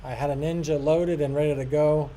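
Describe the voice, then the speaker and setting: A man's voice: fairly high pitch, steady tone, fairly quick, dark tone, a little hiss or hum, rough recording. A man hosting a livestream, casually chatting and reading out viewer comments, self-deprecating and laughing often. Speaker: livestream host.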